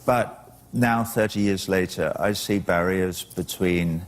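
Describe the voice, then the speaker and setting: An older man, a musician appearing as a talk show guest, answering in a measured, thoughtful way with dry humor. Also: low voice. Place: television studio.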